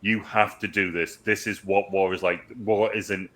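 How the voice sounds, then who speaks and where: A man co-hosting a movie review show, chatting casually and jumping in eagerly with quick remarks. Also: low-pitched, flat delivery, a bit bright. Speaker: movie review podcast co-host. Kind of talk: casual chat.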